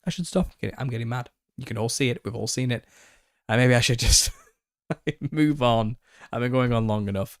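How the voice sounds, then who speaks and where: A man hosting a live Q&A stream, opinionated and quick to get worked up, laughing as he rants. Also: mid-range voice, steady tone, smooth, no room sound, clean studio sound. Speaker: channel host. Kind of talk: live Q&A monologue.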